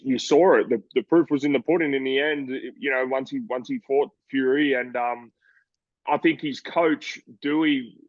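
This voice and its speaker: A man's voice: medium pitch, creaky, no echo, highs cut off. A young Australian man, a boxer, talking casually in an interview, rambling and acting out voices as he tells stories. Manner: rambling, animated storytelling with voices.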